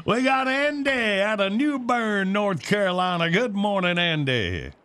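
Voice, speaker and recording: A man's voice: high-pitched, lively intonation, a little slow, pushed and bright. A man hosting a morning radio show, bantering in a folksy, joking way and laughing often.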